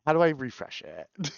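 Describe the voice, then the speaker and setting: A man chatting on a live stream, excitable, swearing and repeating words in quick runs. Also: on the high side, creaky, smooth, no echo. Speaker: variety streamer. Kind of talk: casual live stream chat. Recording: dull lo-fi stream audio.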